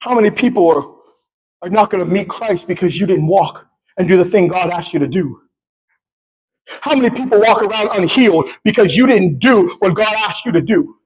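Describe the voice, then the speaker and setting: A man in his thirties, a pastor preaching a sermon, who swings from quiet talk to shouting and acts out the dialogue in his stories. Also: high voice, expressive, normal speed, slightly rough, poor audio.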